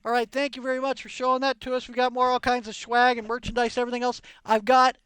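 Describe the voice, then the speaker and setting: A man hosting a live poker stream, telling stories in a rambling, profane, excitable way. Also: very high-pitched, quick pace, clean tone, no room sound. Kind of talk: casual live stream chat.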